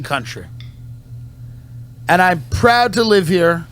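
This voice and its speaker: A comedian delivering a satirical, mock-solemn patriotic monologue in a deadpan manner. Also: male voice, on the high side, takes it slowly, long pauses. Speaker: comedian and podcast host.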